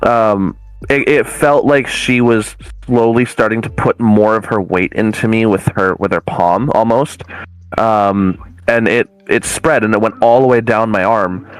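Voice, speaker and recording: A man's voice: lowish voice, fairly even intonation, measured pace, clear, resonant tone, dry recording, poor audio. A man, a guest medium, telling a long story in a casual, rambling way with many fillers and restarts.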